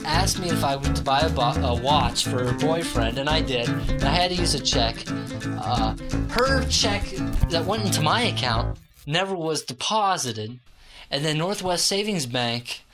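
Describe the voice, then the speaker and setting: A young man talks in a fairly high voice, rambling crudely and chuckling at his own lines. Guitar music plays clearly behind him throughout. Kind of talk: rambling monologue to camera.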